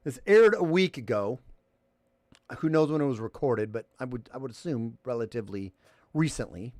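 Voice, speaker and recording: A man's voice: medium pitch, lively intonation, moderate pace, darkish tone, no room sound. A man hosting a call-in livestream, ranting heatedly with profanity and reading viewer chat aloud.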